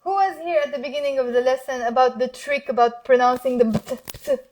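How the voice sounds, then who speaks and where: High-voiced Lebanese woman teaching Arabic. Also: darkish tone, a little hiss or hum. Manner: encouraging, coaxing viewers to repeat aloud; slows down to spell out words. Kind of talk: live online language lesson.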